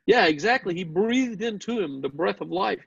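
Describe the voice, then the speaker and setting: A man lectures to a Bible class, earnest and openly excited about his point, and he keeps turning questions back to his students. His voice sits at a middle pitch with a gravelly edge. The recording is dry and dull, with a lo-fi sound. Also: normal speed, dry recording.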